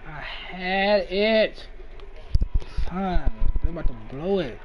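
A man giving casual, excitable commentary while playing a basketball video game. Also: high-pitched, lo-fi sound, noisy background. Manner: excitable, shouts and laughs at plays. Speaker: gaming commentator.

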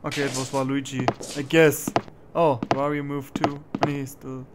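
A man's voice: mid-range voice, flat delivery, moderate pace, very noisy. A man giving let's play commentary on a horror game, talking to himself and yelping when he is startled. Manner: jumpy, talks to himself, yelps when startled.

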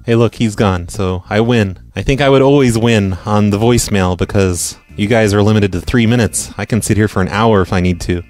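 A man's voice: fairly low pitch, a little fast, few pauses, darkish tone, faint music behind. A man hosting a podcast, reacting to listener voicemails with sarcastic, swearing banter. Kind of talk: casual joking commentary.

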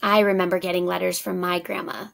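A woman teacher reading a picture book aloud to children, pausing to ask them for their predictions. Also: lowish voice, little pitch movement, gravelly. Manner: pauses to ask prediction questions, warm asides.

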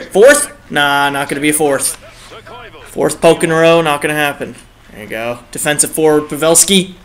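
A young man giving excitable live commentary on his own video game match, groaning and cheering at each play, his throat a bit dry. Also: on the high side, a little hiss or hum. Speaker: gaming channel host.

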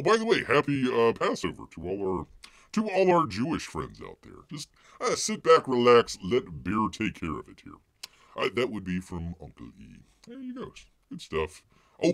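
A man's voice: low-pitched, vocal fry, fairly bright tone, no echo. A man hosting a casual live stream, rambling with lots of filler words and calling himself by name in the third person. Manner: folksy, heavy use of filler words.

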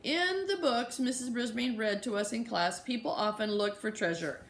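Lady reading a kids chapter book aloud, showing the pictures, higher voice, echoey room. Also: a little hiss or hum. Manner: pauses to show and explain pictures. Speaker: reader. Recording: roomy echo.

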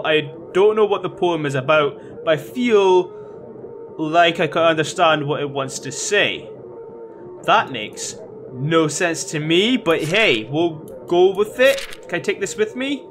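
A man's voice: on the high side, sing-song, measured pace, a bit bright, faint music behind. A man playing a horror game and commenting casually, swearing and reading game text aloud. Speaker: gaming video host. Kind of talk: let's-play commentary. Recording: home recording with clear background noise.

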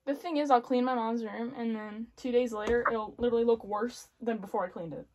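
A woman's voice: a little high, fairly even intonation, fairly quick, a little mellow, slight background noise. A young woman vlogging casually at home, chatty and laughing often as she cleans a bedroom. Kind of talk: casual chat.

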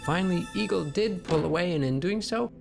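A man voicing a mischievous trickster raven who narrates an animated film, teasing and playful. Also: sits high, creaky, music in the background. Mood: sly. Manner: teasing, slow storytelling with lively swings.

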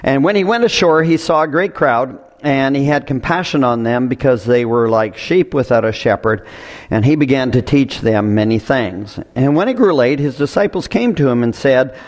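A man's voice: medium pitch, lively intonation, moderate pace, darkish tone. A male pastor preaching a sermon in church. He reads scripture aloud, adds conversational asides and leads a prayer. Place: church sanctuary.

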